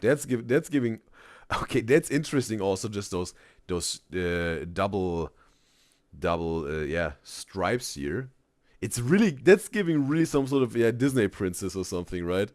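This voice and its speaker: A man with a very deep voice that swings widely in pitch comments casually over a video. He talks in halting bursts, restarts his sentences and keeps adding "right?" and "bro". The sound is dry and close. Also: animated, dry recording. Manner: halting, many restarts, says "bro" and "right?" often, laughs loudly. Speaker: reaction streamer. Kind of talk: casual live reaction commentary.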